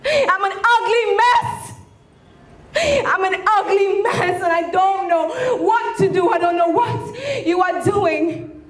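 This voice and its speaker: A woman performing an impassioned spoken word poem, at times shouting and lilting into a sing-song delivery. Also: very high voice, slow. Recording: echoey room with faint ambient noise.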